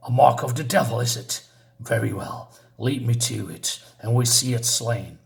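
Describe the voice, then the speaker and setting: A man's voice: mid-range voice, moderate pace, vocal fry, pitched below the performer's own voice, lightly acted. A man reading a comic aloud and voicing a stern, grim male adventurer in a mock British tone.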